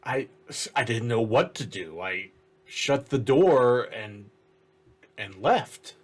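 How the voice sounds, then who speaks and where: A man voicing a nervous henchman overheard in a tabletop game, in a slow, deliberate way. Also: mid-range voice, lively intonation.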